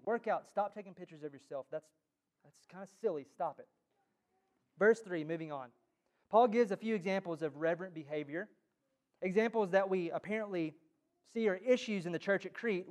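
A man with a high voice preaches a sermon to his congregation. His delivery is joking and teasing, broken by sudden loud jabs. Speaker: pastor. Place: church.

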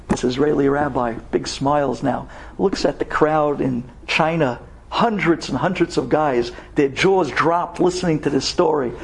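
A man telling a story in an animated sermon style, dramatic and acting out the people he quotes in raised voices. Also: a little high, moderate pace, vocal fry, a little hiss or hum. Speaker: religious storyteller.

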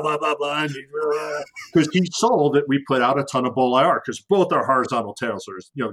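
A man's voice: medium pitch, fairly bright tone, rough recording. A man, a former military pilot, telling a story in casual conversation, acting out radio calls in a raised voice. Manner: frequent fillers and restarts, conversational. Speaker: former fighter pilot guest.

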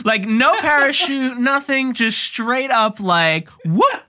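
A podcast co-host in a casual chat, talking in an animated, playful way. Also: mid-range voice, slow pace.

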